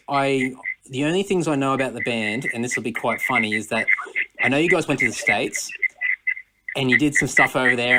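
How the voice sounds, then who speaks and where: A man hosting a podcast, asking loose, friendly questions in a casual chat. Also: medium pitch. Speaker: podcast host. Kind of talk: casual conversational interview. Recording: clear background noise.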